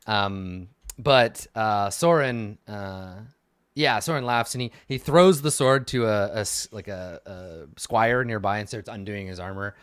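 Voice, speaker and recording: A man's voice: fairly low pitch, a little slow, fairly bright tone, clean tone, no echo, studio quality. A man narrating a tabletop game as game master, hesitant and full of fillers.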